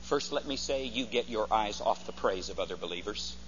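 A pastor preaching a sermon, theatrical and animated, leading the congregation to repeat lines, in a dull recording with long hall reverb. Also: male voice, fairly low pitch, fairly quick, slight background noise.

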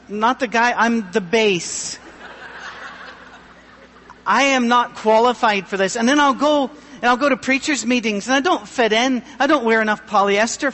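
A middle-aged man pastor giving a humorous, self-deprecating sermon with a thin, high voice. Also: fairly bright tone, in a large hall, slight background noise.

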